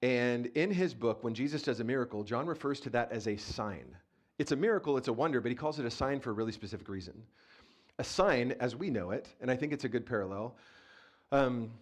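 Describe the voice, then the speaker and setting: A man preaching a casual, conversational sermon as pastor, playful and chatty, often asking the congregation questions, speaking into a handheld mic in a church. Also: mid-range voice. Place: church sanctuary.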